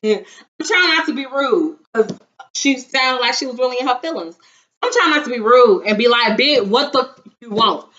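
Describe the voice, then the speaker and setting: Animated young woman, bright lo-fi voice. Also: a little high, moderate pace. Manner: animated, dramatic retelling with acted-out quotes. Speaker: vlogger. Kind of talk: casual storytime chat. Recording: dull lo-fi sound.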